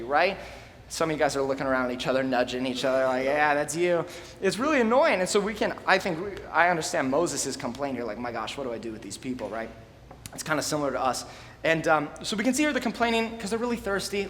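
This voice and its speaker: A young man preaching a relaxed, slangy, conversational sermon in a church and reading scripture aloud. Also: mid-range voice. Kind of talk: casual sermon. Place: church hall. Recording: long hall reverb, faint room noise.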